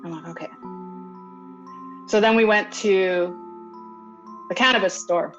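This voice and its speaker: This woman's voice is medium-pitched and a little slow, with soft music in the background and dull lo-fi audio. She gives a lively retelling of events in a casual interview, performing what others said.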